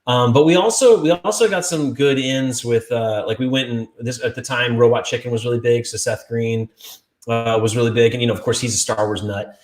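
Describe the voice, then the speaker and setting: A man in a casual video chat, rambling through animated stories with lots of restarts and laughter. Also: mid-range voice, a little fast. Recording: roomy echo.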